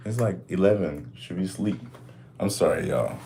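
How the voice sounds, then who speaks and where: A man's voice: low voice, moderate pace, warm tone, slight background noise. A young man hosting a casual livestream Q and A from home, talking in a laid-back, rambling, slangy way with lots of "like" and "you know". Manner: slangy and blunt. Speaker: livestream host answering questions. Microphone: desk mic.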